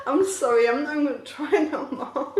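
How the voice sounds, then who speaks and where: A woman chatting casually on a live stream, reading viewer comments aloud and answering questions about her hobby in a self-deprecating, apologetic way. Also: high voice. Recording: echoey room.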